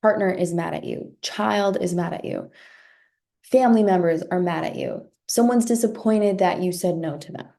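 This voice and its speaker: Gravelly, warm-toned woman life coach. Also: fairly low pitch, moderate pace. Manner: earnest, repeats words, asks rhetorical "right?". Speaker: podcast host and life coach. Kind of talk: reflective motivational talk.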